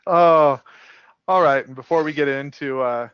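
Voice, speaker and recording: A man's voice: on the high side, normal speed, clean tone, no echo. A playful man presents on a tech panel and keeps tossing in jokes. The sound is dry, muffled and lo-fi. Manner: joking, playful. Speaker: tech marketing guest. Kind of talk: casual panel chat and presenting.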